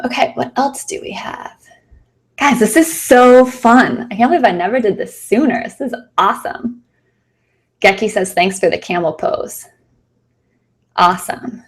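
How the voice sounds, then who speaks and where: A woman yoga teacher answers viewer questions on a casual live stream. Her voice sits in a middle register. She talks in a chatty, enthusiastic way, with frequent "um"s and quick restarts. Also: medium pitch.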